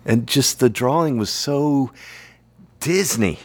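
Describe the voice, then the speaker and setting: A man's voice: mid-range voice, slow pace. A man chatting casually about a movie with friends, joking and laughing often. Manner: animated, jokey, laughs often.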